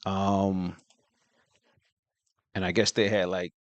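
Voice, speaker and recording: A man's voice: low voice, flat delivery, slow, dry recording, dull audio. A man hosting a reaction channel, talking casually with lots of filler phrases between clips. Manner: laid-back, heavy on filler phrases.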